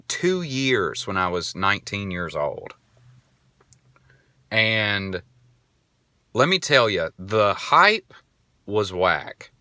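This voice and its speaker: A man's voice: fairly low pitch, bright, forceful tone, clean tone, no echo. A man in his twenties hosting a podcast, telling a rambling story in a casual monologue. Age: 20s. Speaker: podcast host.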